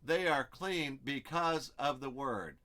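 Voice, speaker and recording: Bright-voiced man teaching scripture. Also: mid-range voice, takes it slowly. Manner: explains step by step, thinking aloud over on-screen text. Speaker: Bible teacher. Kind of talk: expository Bible study lesson.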